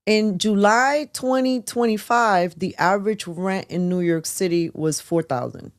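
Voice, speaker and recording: A woman co-hosting a talk show, speaking in a measured way with hesitant fillers as she cites figures. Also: medium pitch, dry recording, clean studio sound. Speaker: podcast co-host. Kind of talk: casual political talk.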